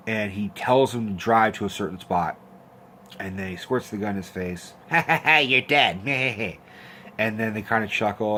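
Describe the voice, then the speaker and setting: Young man, low voice, casual rant, profane, animated storytelling, faint ambience. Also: a little hiss or hum. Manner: animated, profane, acts out quotes with squeaky voices. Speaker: host of a horror film rant channel.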